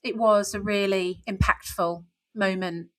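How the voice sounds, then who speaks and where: Middle-aged woman, author and co-host, candid and reflective, mid pitch. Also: steady tone, measured pace. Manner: open, reflective, leans on "you know". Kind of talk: casual podcast chat.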